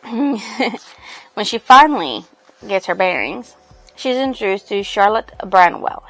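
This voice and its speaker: A woman's voice: medium pitch, fairly bright tone. A woman casually summarizing a book's plot as a book reviewer, rambling loosely with lots of fillers. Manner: rambling, full of fillers and "she's like".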